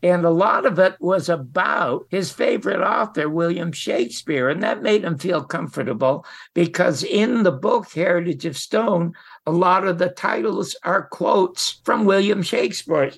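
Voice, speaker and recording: An older man with a somewhat high, gravelly voice, recounting old stories as an interview guest. He tells them casually and with animation, stopping for emphatic asides. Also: measured pace, a bit bright. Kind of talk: casual storytelling.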